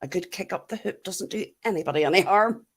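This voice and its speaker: A woman's voice: mid-range voice, fast talker, husky. A middle-aged Irish woman chatting casually as she answers live comments, blunt and laughing often. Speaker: YouTube livestream host.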